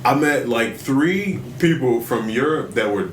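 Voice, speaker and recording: A man's voice: mid-range voice, animated, a little slow. A man co-hosting a podcast, chatting casually in a laid-back, slangy way. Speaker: podcast co-host. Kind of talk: casual chat. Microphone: streamed live podcast mic. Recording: roomy with faint background noise.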